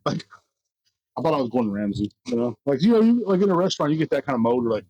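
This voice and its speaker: A young man with a slightly husky voice rattles along quickly in casual podcast chat. He rambles, circling back to his point as he tells stories. It sounds like a relaxed conversation recorded outdoors. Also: mid-range voice, dry recording, lo-fi sound. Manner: rambling storyteller, animated when retelling. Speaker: podcast co-host.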